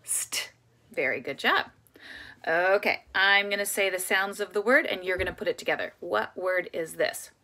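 A woman teaching a phonics lesson to young children, encouraging them and sounding out words slowly and clearly. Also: mid-range voice, sharp tone.

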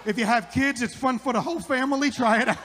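A man's voice: very high-pitched, quick pace, fairly bright tone, slight background noise. A middle-aged man doing a rambling stand-up comedy set on a club stage, repeating his lines for the punch.

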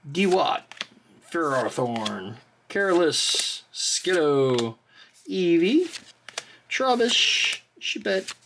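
A host excitedly opening trading card packs on camera, chatting casually, often exclaiming and apologizing, and drifting into rambling asides. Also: medium pitch, slight background noise. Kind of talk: casual pack-opening commentary.

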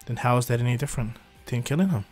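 A man voicing a calm young male ninja teacher in a fan-made story, steady and reassuring, close to his own voice. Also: medium pitch, rapid-fire, faint music behind, lightly acted. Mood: probing.

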